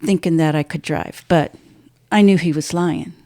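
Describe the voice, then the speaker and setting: Older woman guest, halting emotional storytelling, darkish low voice, dry mic. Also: fairly even intonation, no echo. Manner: halting, restarts often, voice drops low and soft at painful moments. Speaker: podcast guest.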